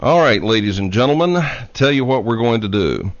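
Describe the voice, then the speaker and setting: A man hosting a live radio talk show from a studio, talking in an unhurried, halting way with many fillers. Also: medium pitch, expressive, no echo. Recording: dry, dull lo-fi radio studio sound.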